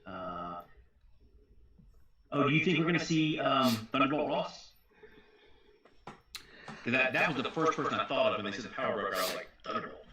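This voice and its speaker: A man in a casual podcast chat, laid-back and halting, dropping "dude" and "man" as he talks. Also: mid-range voice, lively intonation, bright, forceful tone. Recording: roomy echo, faint noise.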